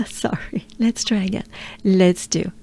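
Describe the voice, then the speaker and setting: A woman with a French accent leads a pronunciation lesson at a very slow, unhurried pace. Her pitch sits in an ordinary middle range, and she repeats each sound patiently while encouraging the listener. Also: fairly even intonation, creaky, mellow, slightly rough. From France. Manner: encouraging, repeats sounds slowly, laughs lightly. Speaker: pronunciation coach.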